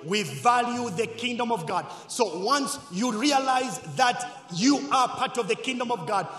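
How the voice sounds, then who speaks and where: A man preaching a sermon as pastor, leading call-and-response and swinging between loud shouts and quiet asides. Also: very high-pitched, unhurried. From Zambia. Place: church hall. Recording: echoey church hall.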